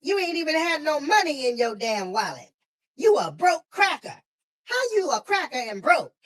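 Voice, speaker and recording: A shrill, piercing voice of a foul-mouthed little boy, as a woman puts him on, very high and sharp. He hurls brash insults in a squeaky, exaggerated child voice on a call-in show. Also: big pitch swings, moderate pace. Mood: taunting. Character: crude foul-mouthed young boy nephew.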